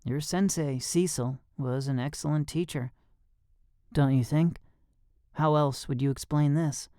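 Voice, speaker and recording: A man's voice: on the high side, a little slow, warm tone, no room sound, close to an everyday voice. A man voicing a confident young male combat trainer who coaches with dry teasing.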